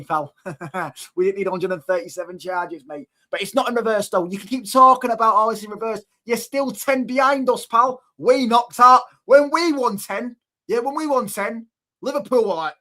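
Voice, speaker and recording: Cocky Mancunian lad, bright voice. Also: male voice, on the high side. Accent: Manchester. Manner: cocky, teasing, laughing, slangy address to viewers. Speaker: football channel host reading live chat. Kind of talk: casual livestream banter.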